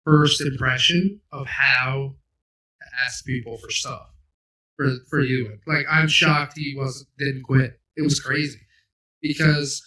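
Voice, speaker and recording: Bright-voiced man telling stories. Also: mid-range voice, fairly even intonation, slow pace. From Cape Breton, Canada. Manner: rambling, self-mocking storyteller with frequent fillers. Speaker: podcast host. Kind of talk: casual storytelling chat. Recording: roomy sound, mic at a distance.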